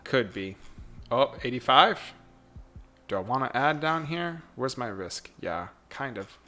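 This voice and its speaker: A man at a mid pitch, streaming his stock trades live and talking half to himself, half to chat. He mutters in a loose running commentary, repeating short phrases over and over, then breaks into quick excited outbursts. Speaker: live day-trading streamer.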